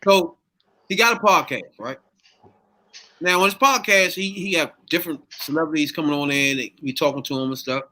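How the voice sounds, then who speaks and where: A man hosting a casual podcast chat, telling the story in an animated way and steering the topic. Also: fairly high pitch, brisk.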